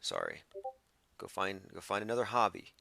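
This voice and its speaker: A man with a gravelly, bright-edged voice hosts a livestream from a home computer setup. He rants in a combative, dismissive way, talking casually to his chat. The sound is dry and close. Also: low-pitched, wildly swooping pitch, normal speed, no room sound. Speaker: livestream host.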